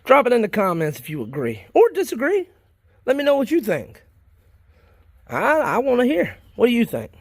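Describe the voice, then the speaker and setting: This man speaks at an extremely high pitch and a moderate pace, pausing often, in a clean studio recording with no room sound. He's a worm farming vlogger from South Carolina, chatting casually and folksily while filming his worm bins. His manner is rambling, folksy and easily excited.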